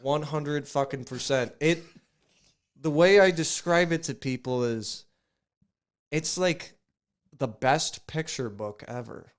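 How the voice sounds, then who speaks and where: A man co-hosting a podcast, telling a rambling, profane story in casual chat with loud acted outbursts. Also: a little high, takes it slowly, pauses often. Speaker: podcast co-host.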